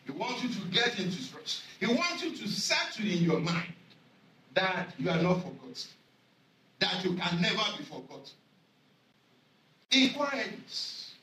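A man preaching a sermon, stressing scripture phrases by repeating them slowly. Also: sits high, very animated, pushed and bright. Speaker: pastor. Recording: echoey room, voice from a distance.

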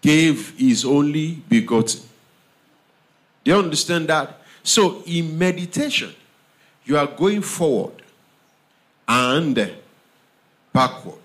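A man preaching a sermon, slow and emphatic, repeating phrases and often asking the audience if they understand. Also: a little high, lively intonation, fairly bright tone.

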